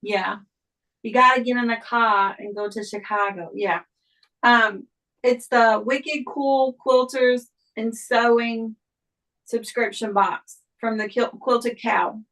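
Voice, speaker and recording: A woman's voice: a little high, steady tone, a bit bright, rough recording. A woman chatting as a guest on a sewing livestream, hesitant and full of ums. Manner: slow, hesitant, with many ums. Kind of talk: casual chat.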